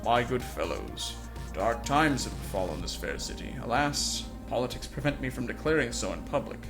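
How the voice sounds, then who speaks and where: A man's voice: medium pitch, expressive, moderate pace, pitched below the performer's own voice, close to an everyday voice. A man voicing a male king holding court, grand and declaiming, over background music. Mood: grave.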